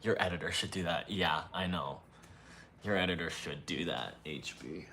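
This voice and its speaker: A young man hosting a solo podcast, talking softly and casually in a low-key, self-mocking way. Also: moderate pace, slight background noise. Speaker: podcast host.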